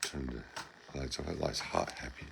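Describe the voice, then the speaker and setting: A man with a low, gravelly voice talks playfully to his pet, coaxing and cheering it on. His voice swings up and down a lot as he encourages it. The home recording carries clear background noise. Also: big pitch swings, normal speed. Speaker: pet monkey owner and channel host. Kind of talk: casual video narration to a pet. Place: indoor home playroom.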